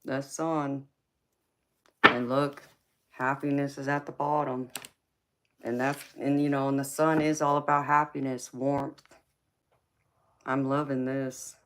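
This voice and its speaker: A woman's voice: a bass voice, little pitch movement, slow, pauses often. A woman with a Southern drawl, chatting casually with viewers while she reads tarot cards on a live stream. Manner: laid-back, chatty, reads cards aloud and greets viewers. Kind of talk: casual live-stream chat and card reading. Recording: loud background noise.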